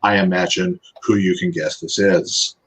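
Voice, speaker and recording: A man as a guest artist in a casual podcast chat, talking in a relaxed, explanatory way. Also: sits low, normal speed, rough recording.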